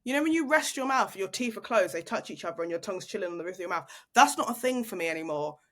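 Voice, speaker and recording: A woman's voice: medium pitch, lively intonation, fast, fairly bright tone. A chatty young woman co-hosting a casual podcast over a video call. She talks easily, laughs often and pokes fun at herself. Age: 20s. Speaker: podcast co-host. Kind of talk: casual chat.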